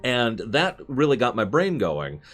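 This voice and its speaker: A man's voice: mid-range voice, wildly swooping pitch, a little slow, a bit bright, faint music behind. A man hosting a casual chat over a video call, rambling and joking at his own expense. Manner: rambling, jokey, self-deprecating. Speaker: host.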